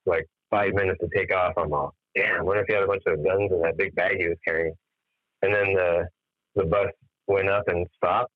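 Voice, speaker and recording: A man's voice: sits low, no room sound. A tired man telling a strange story in a casual phone interview, swearing freely and acting out the dialogue. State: tired after staying up all night. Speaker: musician guest. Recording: dry, tinny phone line.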